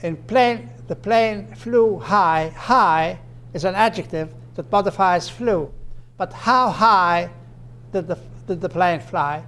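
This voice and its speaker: A man giving a grammar lecture, slowing down and stressing his example phrases. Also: sits high, fairly bright tone. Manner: explanatory, with fillers and restarts. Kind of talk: recorded lecture.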